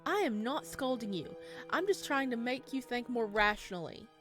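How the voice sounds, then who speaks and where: A woman's voice: fairly high pitch, lively intonation, moderate pace, over music, voice pushed up, natural voice. A woman voicing a young fiancée with a raised, scolding voice, reading a visual novel aloud. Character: young woman fiancée, quick-tempered, shrill when angry.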